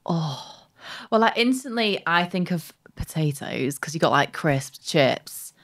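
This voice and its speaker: A young Mancunian woman chats as a guest, bubbly and quick, often breaking into giggles. Her voice is low and full of vocal fry. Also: lively intonation, a bit bright. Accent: Mancunian English. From Manchester, England. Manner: bubbly, giggly, fast-talking. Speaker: guest, social media agency founder. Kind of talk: casual interview chat.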